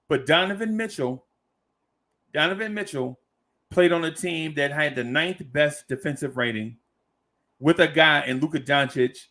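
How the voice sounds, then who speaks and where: A man with a high voice and a gravelly edge hosts a loose live-stream chat. He reads viewer comments aloud, laughs easily and says lines twice for emphasis. The talk is playful and unscripted. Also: fairly bright tone. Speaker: host of a fan talk stream.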